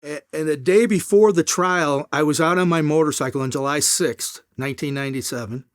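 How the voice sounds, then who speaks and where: A middle-aged man telling a long story as an interview guest, in a casual, animated way, acting out the people in it. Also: fairly high pitch, brisk, no room sound, clean studio sound.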